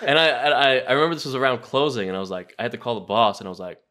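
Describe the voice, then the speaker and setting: A man's voice: medium pitch, very fast. A young man telling a story in casual podcast chat, filling his talk with "like" and acting out what people said. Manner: animated, full of "like", acts out quotes.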